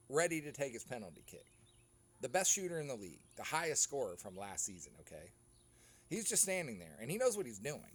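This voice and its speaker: A man, a goalkeeper animatedly recapping his own soccer match in casual commentary. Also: medium pitch. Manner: animated storytelling, acts out other players.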